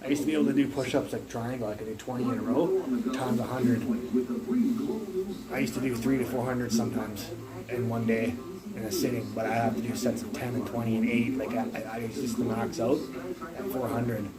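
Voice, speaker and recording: A man's voice: medium pitch, fairly even intonation, fairly quick, a loud crowd, low-quality recording. A young man talking on a phone livestream in a blunt, profane and rambling way, often restarting his sentences. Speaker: live streamer. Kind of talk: casual rambling live-stream chat.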